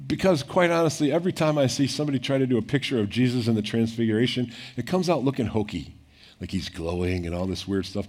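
Middle-aged guy preaching, chatty and animated, lots of rhetorical questions, regular pitch. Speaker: pastor. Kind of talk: sermon.

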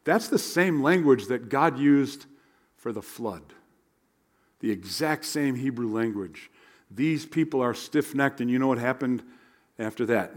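A man preaching a sermon as a pastor, animated and conversational, sometimes dropping to a hush. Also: mid-range voice, measured pace.

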